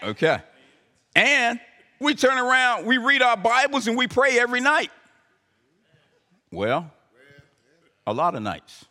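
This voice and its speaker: A man's voice: extremely high pitch, very animated, unhurried, pauses often, pushed and bright. A man preaching a sermon, talking to the congregation conversationally with emphatic rising calls. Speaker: pastor. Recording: live sermon in a reverberant hall.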